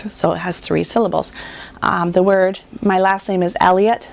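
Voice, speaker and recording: A woman who runs a reading curriculum, giving parents a patient, explanatory talk on teaching phonics and spelling and sounding words out slowly. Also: mid-range voice, steady tone, gravelly, a little mellow. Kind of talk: instructional talk to homeschool parents.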